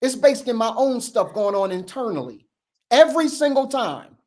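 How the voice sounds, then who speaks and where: A man's voice: very high voice, very animated, normal speed, darkish tone. A man hosting a heated debate, insistent and emphatic, repeating his points and talking over the other speaker. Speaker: show host.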